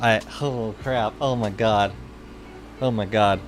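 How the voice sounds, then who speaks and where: A man in his thirties streaming a game, chatting casually and excitably with many restarts. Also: fairly low pitch, slow, slight background noise. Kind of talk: casual live-stream chat.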